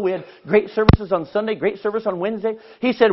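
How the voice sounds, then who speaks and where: A man's voice: high-pitched, fast, hardly any pauses, highs cut off, heavy background noise. A male pastor preaching a storytelling sermon with self-mocking humor, often stammering and restarting his phrases. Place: church sanctuary.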